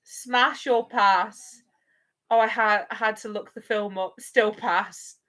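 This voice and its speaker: A woman's voice: mid-range voice, steady tone, slow pace, fairly bright tone. A woman hosting a live watch-along, chatting playfully with viewers and laughing often. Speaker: livestream host.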